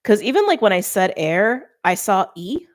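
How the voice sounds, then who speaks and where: A woman giving a casual tarot reading straight to her viewers, chatty and informal, with quick laughs and lots of "like". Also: medium pitch, very animated. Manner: talks straight to viewers by sign. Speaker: tarot reader.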